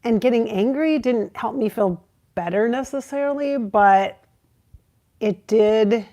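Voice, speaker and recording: A middle-aged woman talking in a casual, emphatic way to her viewers as a psychic channel host, swearing and jumping to high exclaims. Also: unhurried, warm tone. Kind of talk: casual spiritual vlog talk.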